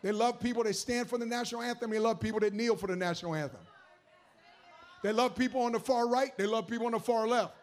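Male preacher, high-pitched, fervent, sermon delivery that swings from hushed to shouting. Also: fast.

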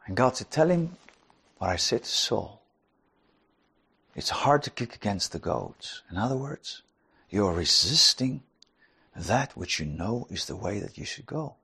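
A middle-aged man from South Africa preaching a sermon, dropping to hushed whispers and rising to loud emphatic declarations. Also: lowish voice, very animated, a little slow, gravelly, pauses often, slightly rough.

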